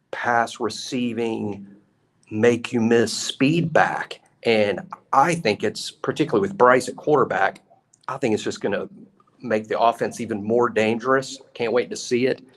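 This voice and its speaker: A man co-hosting a sports talk show, talking in an animated, emphatic way with a lot of repetition. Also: medium pitch. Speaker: co-host.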